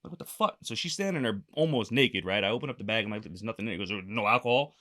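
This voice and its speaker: A man's voice: lowish voice, expressive, racing, sharp tone. A young man telling a story on a casual podcast, swearing freely and acting out the quotes. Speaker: podcast co-host.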